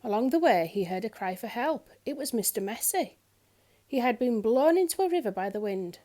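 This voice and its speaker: A woman reading a children's picture book aloud in an expressive storyteller's manner. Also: fairly high pitch, a little fast. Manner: expressive, lilting.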